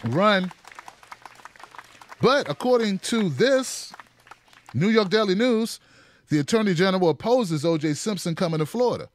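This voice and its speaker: A man's voice: high voice, animated, unhurried, pauses often, a little hiss or hum. A man hosting a political commentary show, talking in a punchy, sarcastic way with mocking asides.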